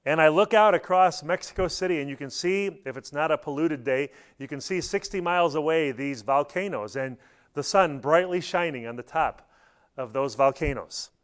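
A middle-aged man delivers a sermon to his church. His voice sits a little on the high side, and he tells his stories in an animated way, now and then breaking into loud, high bursts as he acts out a quote. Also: normal speed. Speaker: pastor.

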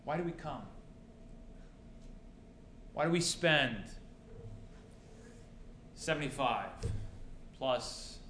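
A man's voice: a little high, extremely slow, long pauses, a bit bright, slight background noise. A male pastor preaching a sermon to his congregation, mixing rhetorical questions with dry humor. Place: church sanctuary. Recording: roomy church echo.

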